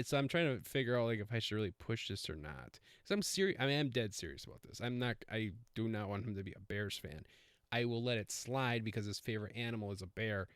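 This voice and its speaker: A man's voice: on the low side, a bit bright, no echo, clean studio sound. A man hosting a casual solo podcast, rambling with many fillers and self-corrections. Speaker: podcast host.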